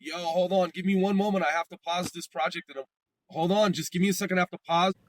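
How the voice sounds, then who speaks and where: A man's voice: sits high, steady tone, quick pace, a little hiss or hum. A man hosting a rambling solo talk from a car, loose and profane, laughing at himself. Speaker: podcast host.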